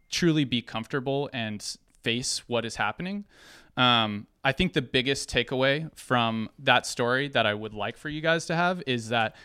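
A young man tells a personal story to a crowd, bright and forceful in tone. His voice comes across smooth and crisp, recorded close and dry. He tells it in a lively way and puts on the voices of the people in the story. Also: mid-range voice, dry recording. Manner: lively, acts out quoted voices. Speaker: speaker sharing a personal story. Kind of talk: storytelling talk to an audience.

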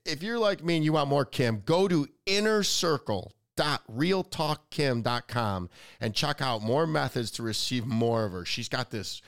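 A man hosting an interview podcast in a casual, chatty way, effusive and quick to praise his guest. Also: mid-range voice, expressive, fairly bright tone. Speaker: podcast host.

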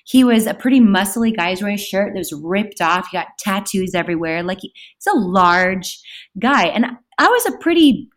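A woman guest telling a story in a casual, animated way, with sudden shouted bursts. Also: medium pitch, normal speed. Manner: animated, breaks into loud shouted outbursts. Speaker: podcast guest.

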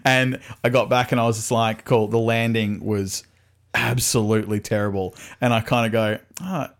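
A man's voice: lowish voice, little pitch movement, normal speed, clean tone. A young man hosting a casual podcast, chatty, laughing often and swearing freely. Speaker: podcast host.

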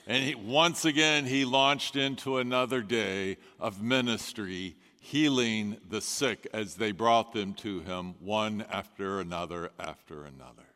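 A man preaching a sermon as a pastor, telling the story in a measured way with dramatic pauses. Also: lowish voice, bright, forceful tone. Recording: long reverb of a large hall.

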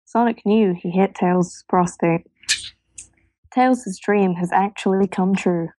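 A woman narrates in a flat, matter-of-fact way for laughs, keeping her voice level. The recording is dry and close, with no room sound. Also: medium pitch, slow, dry recording, low-quality recording. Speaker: narrator reading a story. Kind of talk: comic reading aloud.

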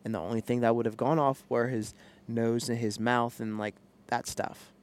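A man's voice: mid-range voice, normal speed. Joking man chatting in a parked car. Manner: playful, jokey, animated storytelling. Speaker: podcast co-host. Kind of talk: casual chat. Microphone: headset.

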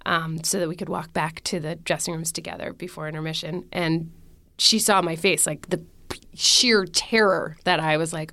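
A woman's voice: deep voice, steady tone, normal speed, a bit bright. A young woman, a stage actress, telling a story in a casual interview, acting out her own panic in quoted lines.

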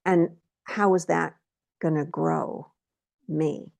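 A woman talking candidly in a casual conversation, telling stories about her life and getting animated when she acts out her own reactions. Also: low voice, takes it slowly, creaky. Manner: candid storytelling, animated when quoting herself. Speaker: guest.

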